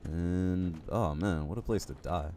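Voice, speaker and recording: Deep-voiced chatty game streamer man. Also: measured pace, dark tone. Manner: chatty, jokey, talks to chat. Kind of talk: live gameplay commentary.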